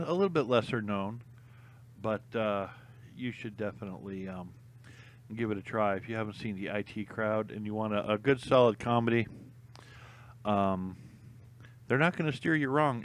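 A young man chatting casually to camera, rambling with lots of ums and uhs and frequent laughs. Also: on the low side. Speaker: vlogger.

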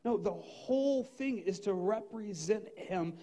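This middle-aged U.S. pastor, high-pitched and a little slow, recounts a story from his own life in an off-the-cuff sermon. He stays conversational and animated, often laughing and performing his inner thoughts aloud.

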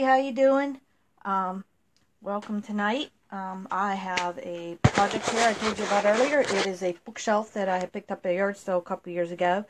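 A furniture makeover vlogger chats casually through a furniture painting how-to, saying um a lot and talking to her dog. Her voice is mid-range, and there's noticeable background noise.

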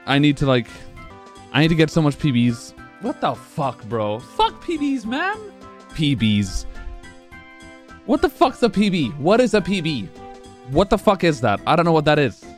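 A young man streaming live, excited and out of breath from laughing, swearing freely as he celebrates. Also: on the high side, moderate pace, soft background music. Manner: excited, profane, laughing between lines. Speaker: speedrun streamer.

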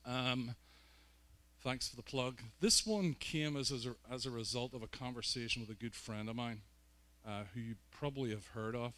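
A man's voice: medium pitch, normal speed, fairly bright tone, no room sound. Man, Belfast accent, guest preacher, jokey and self-mocking, mid-range voice. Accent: Northern Irish, Belfast. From Northern Ireland. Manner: joking, self-mocking asides. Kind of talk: sermon.

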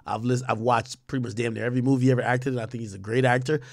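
A man's voice: medium pitch, steady tone, very fast, creaky, dry recording. A man hosting a stream, giving blunt, profane reaction commentary. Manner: blunt, profane, chuckling asides. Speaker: streamer host.

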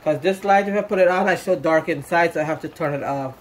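A man with a high voice for a man talks to his viewers in a relaxed, chatty way while he cooks. He sounds set back from the mic in a roomy home kitchen, with faint frying sizzle behind him. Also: quick pace, distant mic, a little hiss or hum. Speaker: cooking vlogger. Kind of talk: casual cooking demonstration.

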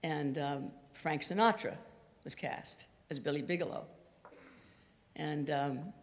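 A woman's voice: sits low, takes it slowly. A woman in her eighties giving a chatty talk full of anecdotes, acting out the quoted lines of people in her stories. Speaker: guest speaker. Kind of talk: storytelling talk. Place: university lecture hall. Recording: reverberant hall.

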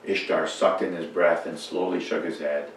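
A man's voice: deep voice, normal speed, far from the mic. Man reading a story in an echoey church. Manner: expressive storytelling. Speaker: reader. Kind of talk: reading a children's story aloud.

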